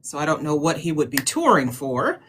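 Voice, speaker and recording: A woman moderator speaks over a video call. Her delivery is lively and expressive, and she slips into easy laughter as she moves the discussion along. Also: low voice, moderate pace, slight background noise. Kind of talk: moderating an online town hall.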